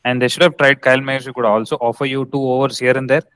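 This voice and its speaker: Smooth-voiced man giving blunt cricket opinions. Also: medium pitch, flat delivery, fast talker, a bit bright, dry recording, rough recording. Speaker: cricket podcast co-host. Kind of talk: casual cricket chat.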